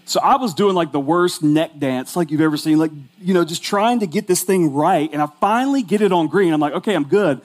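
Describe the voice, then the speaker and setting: A pastor in his forties tells a story in his sermon with a chatty, self-mocking delivery, dropping "like" into his lines. His voice sits a little higher than most men's. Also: brisk, hardly any pauses. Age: 40s.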